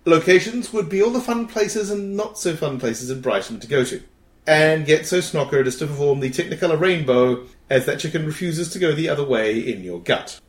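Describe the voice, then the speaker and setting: New zealand guy hosting a podcast, wry dry jokes, bit high voice, echoey room. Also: animated, a little fast. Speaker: podcast host. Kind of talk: casual chat, reading listener ideas. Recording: roomy echo.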